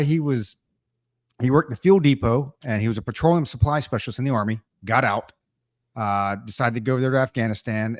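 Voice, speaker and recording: A man hosts a podcast in a relaxed, chatty way. His voice sits mid-range, recorded close and dry with no room sound. He tells stories and acts out other people's lines. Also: medium pitch, no room sound. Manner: storytelling, animated quoting of others. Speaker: podcast host. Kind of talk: casual chat.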